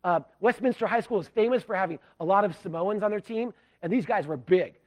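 A pastor from Southern California telling a self-deprecating story in a sermon, animated and full of restarts. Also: male voice, sits high, a little fast. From Southern California, USA.

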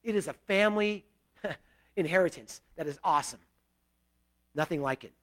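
A middle-aged male pastor preaching a sermon in a conversational way, with personal asides and swings between loud and quiet. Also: fairly high pitch, normal speed.

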